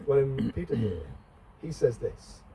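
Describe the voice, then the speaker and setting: A man's voice: mid-range voice, lively intonation, unhurried, vocal fry. Middle-aged male preacher, chatty conversational sermon, mic at a distance, faint noise. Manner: chatty, asks the congregation questions. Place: church.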